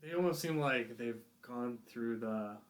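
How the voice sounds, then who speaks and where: Man, medium pitch, podcast co-host, casual chat, analytical, halting restarts. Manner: analytical, hesitant restarts, picks apart motives.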